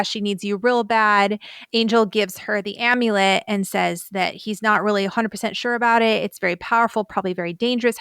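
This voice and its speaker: A woman's voice: mid-range voice, a bit bright, smooth, no room sound, studio quality. A woman co-hosting a podcast, chatting casually and animatedly retelling scenes with lots of fillers. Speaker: podcast co-host.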